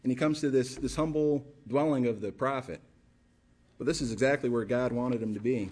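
A man's voice: medium pitch, a little fast, darkish tone, husky. A male pastor preaching a sermon with passion, firing rhetorical questions and repeating phrases for emphasis.

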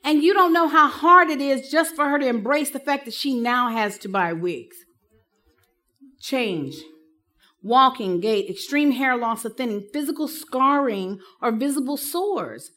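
A woman's voice: high-pitched, a little slow. A woman giving a live talk to counselors, telling stories with humor and acting out the people she quotes. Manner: lively, humorous storytelling with acted-out quotes. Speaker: speaker teaching counselors.

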